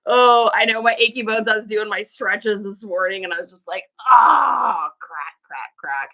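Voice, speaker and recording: A woman's voice: medium pitch, steady tone, a little fast, sharp tone. A woman hosting a casual livestream as a reseller, chatty and laughing often as she greets viewers by name. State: allergies, puffy eyes.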